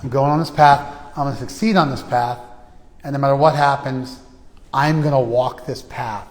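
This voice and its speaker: A man giving a spiritual lecture to a class, animated, swinging between quiet and loud, often checking in with "you follow?". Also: mid-range voice, normal speed, in a large hall. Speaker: spiritual teacher. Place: class room in a temple.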